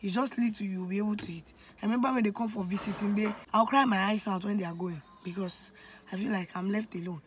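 A Nigerian-accented woman in her twenties shares a heartfelt personal story on her vlog. Her voice sits at an ordinary middle pitch, and she confides in her viewers as if talking to friends. A faint hiss lies underneath. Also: fairly even intonation, quick pace. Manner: emotional, confiding storytelling that addresses viewers directly. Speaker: vlogger.

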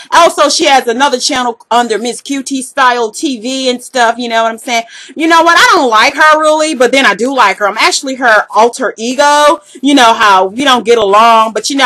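A woman's voice: on the high side, sharp tone. Woman playing a sassy Southern party-girl alter ego. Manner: sassy, slangy, trash-talking. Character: brash gossipy jealous female party-girl alter ego. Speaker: vlogger in character. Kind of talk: comedic character vlog.

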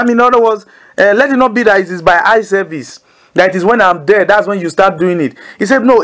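A man's voice: high voice, a bit bright. A male preacher, teaching the Bible to callers in an emphatic way and repeating key phrases. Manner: emphatic, repeats key phrases, asks listeners to say lines with him.

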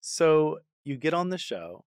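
A man hosting an interview, asking short prompting questions in an unhurried way. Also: on the high side, very animated, smooth, no room sound, clean studio sound. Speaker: podcast host.

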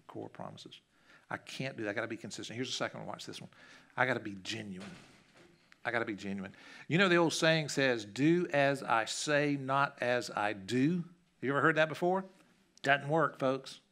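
A middle-aged man preaching a sermon in a church, telling a personal story that swings from loud and animated to quiet and soft. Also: medium pitch. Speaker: pastor. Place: church sanctuary.

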